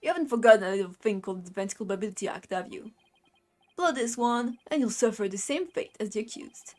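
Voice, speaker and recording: A woman's voice: fairly high pitch, animated, fast talker, darkish tone, soft background music. A woman voicing a blustering middle-aged male tough-guy official in a put-on Brooklyn accent, barking lines and tagging them with "see?". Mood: gruff, menacing. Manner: gruff gangster bluster, tags lines with "see?".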